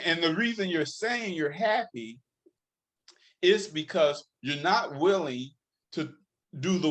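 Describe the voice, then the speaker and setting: A man's voice: fairly high pitch, fairly bright tone. A man speaking as a guest life coach in an interview, in an earnest coaching tone that repeats points for emphasis. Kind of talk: conversational interview.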